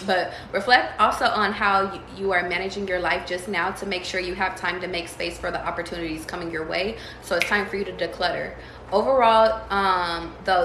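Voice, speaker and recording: A woman reads tarot in a loose, casual way, full of slang and cursing. Her voice is bright and sharp. She breaks into excited squeals, and the room adds a noticeable echo. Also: on the low side, a little hiss or hum. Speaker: tarot reader.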